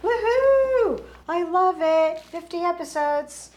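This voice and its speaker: A woman's voice: very high-pitched, animated, slow, a little mellow. A woman hosting a cooking podcast in her home kitchen, chatting effusively with guests over food. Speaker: podcast host. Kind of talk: casual chat over food.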